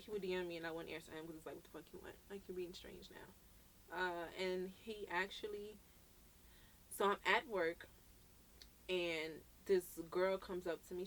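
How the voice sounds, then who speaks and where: Animated woman telling a story. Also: fairly low pitch. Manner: animated, acts out quoted dialogue, swears freely. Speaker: podcast co-host. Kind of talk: casual chat, storytelling.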